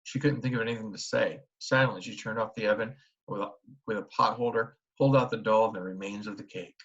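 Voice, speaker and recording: A man narrating a children's book in a steady storytelling manner. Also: lowish voice, quick pace. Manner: steady storytelling with small restarts. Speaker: audiobook narrator. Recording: dull lo-fi recording.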